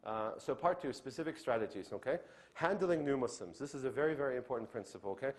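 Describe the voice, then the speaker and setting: A man lecturing at a brisk clip with a mid-range voice. He keeps the audience with him through frequent "okay?" check-ins and acts out the voices of the people in his examples. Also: mid-range voice. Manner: animated, acts out quoted speech. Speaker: Islamic lecturer. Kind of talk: lecture on inviting others to Islam.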